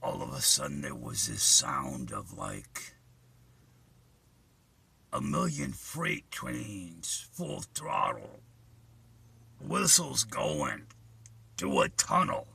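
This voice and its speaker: A man's voice: rumbling low, wildly swooping pitch, extremely slow, creaky, long pauses, pushed and bright, breathy edge. An older man telling a vivid, profane personal story in an earnest way.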